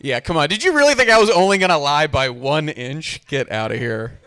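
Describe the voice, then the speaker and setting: A man's voice: a little high, lively intonation, a little fast, bright, forceful tone, clear, resonant tone. A young man doing a stand-up comedy set with a dry, self-deprecating delivery. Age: young adult.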